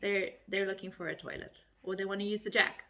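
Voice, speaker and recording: Bright, chatty South African woman. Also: steady tone, brisk. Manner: chatty, light-hearted, mimics phrases with pitch jumps. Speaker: vlogger. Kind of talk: casual explainer to camera.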